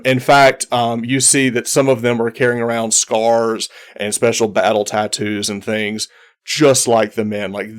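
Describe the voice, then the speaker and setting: A man narrating as game master of a tabletop game, talking in halting runs with many ums and restarts. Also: mid-range voice.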